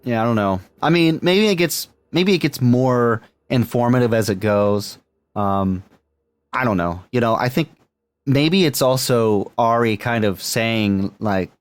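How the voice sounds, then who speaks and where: A man's voice: medium pitch, sing-song, normal speed, soft background music. A man co-hosting a movie podcast, chatting casually with many fillers and restarts and laughing often. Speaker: podcast co-host.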